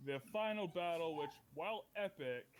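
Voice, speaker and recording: A man who plays a tabletop game, chatting casually and emphatically about past sessions, with sudden loud stresses. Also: on the high side, expressive, moderate pace. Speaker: player. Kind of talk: casual chat.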